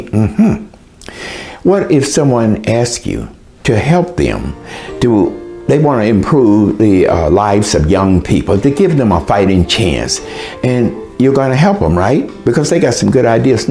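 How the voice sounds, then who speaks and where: A man's voice: on the low side, sing-song, measured pace, vocal fry, mellow, soft background music. A man delivering a scolding, rhetorical moral monologue to his listener, asking questions and answering them himself. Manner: acts out other people's voices. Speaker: speaker, former educator.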